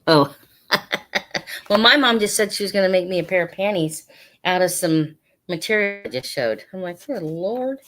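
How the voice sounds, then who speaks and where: Woman, sale host, deep voice, casual rambling patter full of fillers. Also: expressive, normal speed, long pauses, fairly bright tone. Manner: chatty, rambling, with many fillers.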